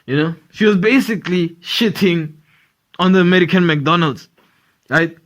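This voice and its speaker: A man's voice: sits high, moderate pace, fairly bright tone. A man hosting a casual comedy podcast, rambling and profane, with lots of fillers. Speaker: podcast host.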